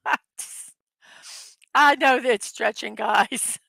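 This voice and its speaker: Woman, middle-aged, morning show host, giggly, chatty, high voice, unhurried, dry close sound. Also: vocal fry, sharp tone, husky, no room sound. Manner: giggly, chatty, frequently laughing at her own jokes. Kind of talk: casual livestream chat reading memes.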